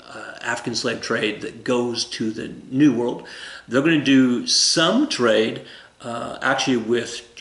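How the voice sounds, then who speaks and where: A man with a mid-range, somewhat bright voice and some vocal fry delivers an informal recorded history lesson. He jokes, rambles and corrects himself, captured on a camera mic in a room with noticeable echo.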